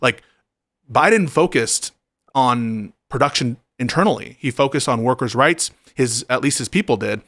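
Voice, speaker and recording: A man's voice: medium pitch, expressive, normal speed, fairly bright tone, no room sound. A man hosting a casual political talk, earnest and wordy, building to indignation.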